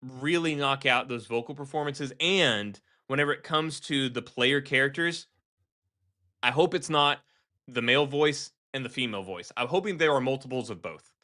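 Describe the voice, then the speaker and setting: Bright-voiced man chatting about games. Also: medium pitch, normal speed. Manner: animated, rambling with restarts, mimics voices. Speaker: podcast co-host. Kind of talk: casual gaming podcast chat.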